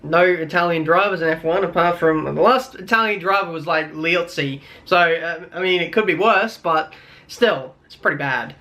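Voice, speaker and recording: A man's voice: on the high side, moderate pace, sharp tone. A young Australian man with an Australian accent ranting casually in a vlog, rambling with many fillers and wry complaints. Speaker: YouTuber.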